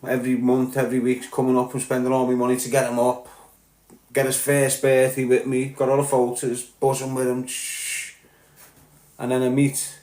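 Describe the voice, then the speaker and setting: A man in his thirties with a Liverpool accent hosts a podcast, delivering a candid monologue about his story, blunt and profane. He swings between loud outbursts and low muttering, yet his delivery is completely flat, fairly quick, and the sound is roomy.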